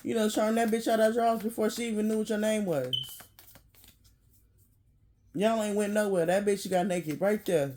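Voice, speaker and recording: A vlogger in a casual rant to camera, blunt and profane, often laughing, dropping to low mutters then bursting out loud. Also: steady tone, normal speed, pauses often, background noise.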